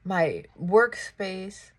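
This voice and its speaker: A woman talks through her morning routine at home in a slow, unhurried way, chatting to the camera as she gets ready. Her voice is a little husky, and she breaks off now and then to speak to her dog. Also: mid-range voice, expressive. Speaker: vlogger. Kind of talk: casual morning chat while getting ready.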